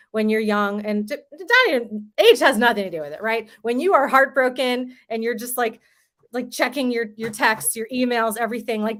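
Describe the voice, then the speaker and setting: A woman's voice: fairly high pitch, a bit bright. Woman, 30s, frank interview guest who talks openly about her own life. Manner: candid storytelling, swears casually. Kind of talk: casual podcast interview.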